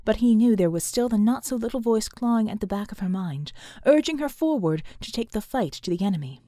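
A woman's voice: mid-range voice, expressive, fairly quick, dark tone, dry recording, studio quality. A woman reading an action novel aloud as audiobook narrator. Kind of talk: scripted narration.

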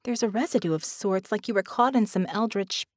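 A woman reader voicing a sharp, quick-talking young woman mage with excited questions. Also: mid-range voice, no echo, clean studio sound, close to an everyday voice. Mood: musing.

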